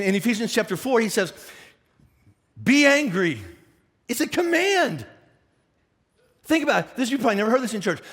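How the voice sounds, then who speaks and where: A middle-aged male pastor giving a conversational sermon, animated, with frequent restarts and acted-out questions to the congregation. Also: very high-pitched.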